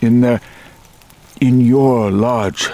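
A man voicing a dignified old male elder who speaks slowly and formally in an audiobook. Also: mid-range voice, fairly even intonation, mellow. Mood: earnest. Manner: slow, solemn, formal phrasing. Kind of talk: audiobook character voice.

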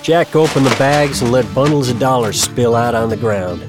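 A man reading a first-person western story aloud, in a steady, even storytelling manner. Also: medium pitch, normal speed. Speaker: audiobook narrator. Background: guitar music.

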